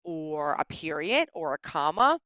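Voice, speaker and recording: Woman teacher, animated delivery, marked pauses, dry muffled home recording. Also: deep voice, no echo. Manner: expressive, exaggerated pauses at punctuation. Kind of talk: recorded slideshow lesson. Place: indoors at home.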